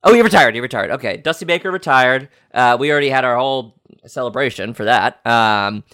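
A man's voice: medium pitch, fairly quick, a bit bright, dry recording, studio quality. A man hosting a comedic sports-headline podcast, rambling and playfully clueless, with lots of fillers and restarts. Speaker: podcast host.

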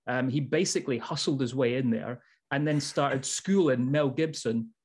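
A man's voice: mid-range voice, moderate pace, breathy edge. A man hosting a podcast, chatting casually with upbeat banter and playing the hype man for his guest. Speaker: podcast host. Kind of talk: casual chat.

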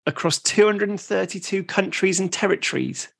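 Man with a gravelly, higher voice. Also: normal speed, a bit bright. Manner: rambling, with frequent restarts. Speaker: podcast co-host. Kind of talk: casual educational chat.

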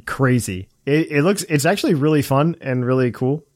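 Relaxed, chuckling male podcast host. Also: mid-range voice, normal speed, dry recording, studio quality. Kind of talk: casual gaming podcast chat.

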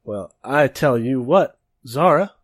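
Man voicing a tough young woman, blunt, cussing, husky, dry. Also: mid-range voice, expressive, slow pace, no room sound. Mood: offhand. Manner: brusque and cussing.

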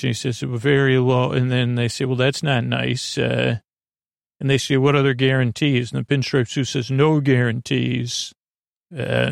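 A man's voice: medium pitch, vocal fry, no room sound, clean studio sound. A man hosting a sleep podcast, loosely retelling a TV episode in a meandering way with lots of filler words. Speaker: podcast host.

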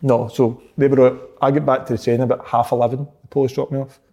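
Animated Scottish man telling a story. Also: medium pitch, quick pace. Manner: animated, laughs often, acts out quotes. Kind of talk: casual storytelling.

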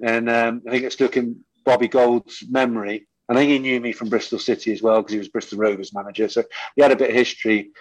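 A middle-aged man, a guest on a podcast, recalls his career in a reflective, unhurried way, pausing often on ums and uhs. His voice sits at an ordinary mid pitch. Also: level tone, no room sound, low-quality recording. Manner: reflective, hesitant with frequent ums. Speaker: guest, former footballer. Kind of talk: interview storytelling.

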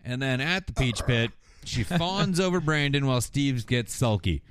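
A man's voice: mid-range voice, a little hiss or hum. A man hosting a podcast, recapping TV episodes in casual chat and acting out the characters' lines. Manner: animated, acting out every character with quick voice switches. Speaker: podcast host.

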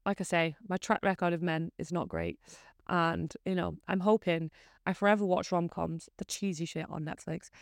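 A woman in her thirties talks on her own podcast, candid and rambling as she pokes fun at herself. Her voice has a gravelly fry yet stays smooth and clear. The sound is close and dry, with no room in it. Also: on the low side, no echo. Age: 30s. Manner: candid, self-deprecating, rambling. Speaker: podcast host. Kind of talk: casual solo podcast chat.

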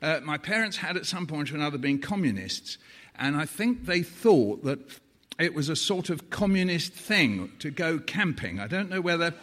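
A man's voice: a little high, very animated, moderate pace, a bit bright. A man in his seventies giving a playful live storytelling talk, slipping into voices for the people he quotes. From Britain. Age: 70s. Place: stage in a large hall. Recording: long hall reverb.

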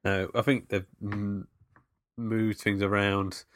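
Rambling man with a low voice. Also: flat delivery, a bit bright, no room sound, clean studio sound. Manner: halting, rambling, many restarts. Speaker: podcast co-host. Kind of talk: casual chat about films and shows.

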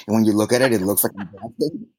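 Man, podcast host, lowish voice, dry close sound, rambling, joking. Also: animated, quick pace, a little mellow, breathy edge, dry recording. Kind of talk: casual chat.

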